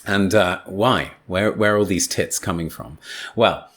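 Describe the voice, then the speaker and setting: A man with a lowish voice gives a relaxed spoken English lesson. He talks loosely, with plenty of fillers, restarts and asides, as if chatting with the learner. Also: a little slow. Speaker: English teacher.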